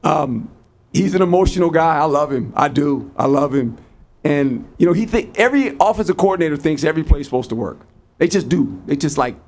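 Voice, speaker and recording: A man's voice: a little high, animated, fast, darkish tone. An older man in his sixties, a head football coach answering press conference questions in a folksy, repetitive way, acting out his sideline exchanges.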